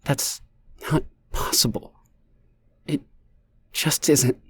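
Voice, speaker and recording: A man's voice: sits high, lively intonation, slow, darkish tone, breathy edge, dry recording, pitched above the performer's own voice, exaggerated voice. A man voicing a desperate, distraught mother who pleads tearfully, as an audiobook character. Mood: stunned.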